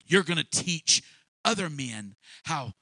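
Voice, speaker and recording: A male preacher voicing a calm, gentle teacher, speaking softly and slowly. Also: on the high side, gravelly, dry recording, heavily acted, low-quality recording. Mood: reassuring.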